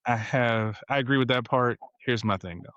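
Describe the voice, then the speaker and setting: A man's voice: mid-range voice, normal speed, a bit bright, no room sound, highs cut off. A middle-aged man from rural Virginia, hosting a casual family podcast in a laid-back, joking way. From rural Virginia, USA. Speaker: podcast host and father.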